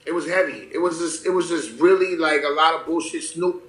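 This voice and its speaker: A man in his forties telling stories in a casual interview, profane and animated, acting out what people said. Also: a little high, fairly quick. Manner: animated storyteller, profane, acts out quotes. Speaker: rapper guest. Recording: roomy echo.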